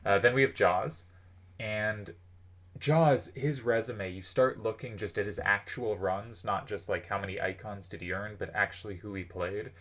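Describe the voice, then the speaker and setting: A man's voice: lowish voice, fairly even intonation, moderate pace, a bit bright. A man talking through the history of a card game's players in a casual commentary, thinking aloud with plenty of fillers. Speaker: host.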